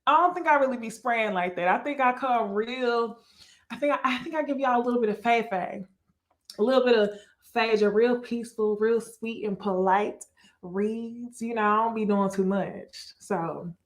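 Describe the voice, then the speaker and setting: A woman's voice: fairly high pitch, normal speed. A woman from Texas with a slight Texas accent, hosting a casual live stream on her channel, chatting to viewers and laughing often. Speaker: YouTube host.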